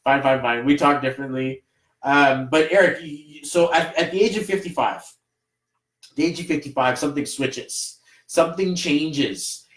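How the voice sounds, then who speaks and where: Here the man with the Canadian accent is again reading numbers live, talking in a loose, upbeat way packed with fillers. An echoey room and a livestream camera mic give his mid-range voice a rough sound.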